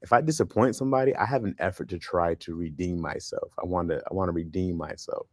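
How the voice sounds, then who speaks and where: Deep-voiced and fast-talking, this livestream host chats casually and reads out viewer comments. His storytelling is blunt and lively, full of laughter, and the audio is clean studio sound with no room noise.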